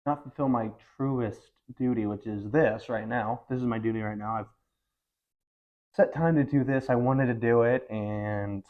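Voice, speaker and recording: A man hosting his own vlog from home, talking in a rambling casual monologue full of ums and frustration. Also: medium pitch. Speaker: vlog host. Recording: slightly dull lo-fi recording.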